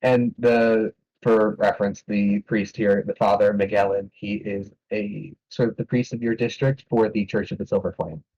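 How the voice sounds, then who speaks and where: A man narrating as game master of a tabletop game, relaxed and hesitant with many fillers. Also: fairly low pitch, normal speed, few pauses, breathy edge, dull audio.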